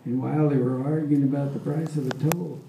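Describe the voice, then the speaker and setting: A man's voice: on the high side, steady tone, brisk, gravelly, background noise. A man in his eighties telling a rambling folksy story on stage, chuckling as he goes. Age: 80s. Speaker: folk performer and storyteller. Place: live performance venue. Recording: roomy live hall, distant mic, faint ambience.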